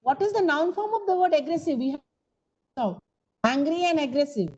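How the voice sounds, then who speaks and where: Teaching grammar to an online coaching class, this English teacher coaxes answers out of students and calls on each by name. Her voice sits high and a little mellow, animated and fairly quick, though the audio is muffled.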